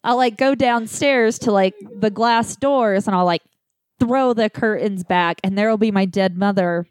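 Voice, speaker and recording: A woman telling a dark personal story in casual chat, blunt and profane, with laughs between lines. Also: medium pitch, measured pace, smooth, no echo, studio quality.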